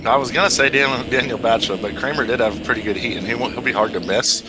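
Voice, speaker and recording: A man's voice: medium pitch, background noise. A man commentating a motocross race, reeling off the rider lineup and calling positions. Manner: reels off rider lists quickly, dry asides. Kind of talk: play-by-play commentary.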